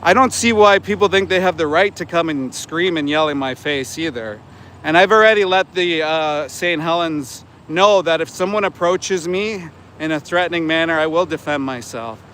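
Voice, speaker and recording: The speaker is a man in his forties with a fairly high pitch and fairly bright tone, talking at a moderate pace. He's a vegan activist doing a live street vlog from a city sidewalk, indignant and repetitive when challenged. Behind him is faint outdoor noise from street traffic.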